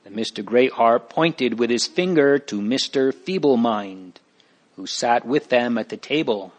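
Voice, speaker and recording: A man reading a storybook aloud in a calm, measured narration. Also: medium pitch.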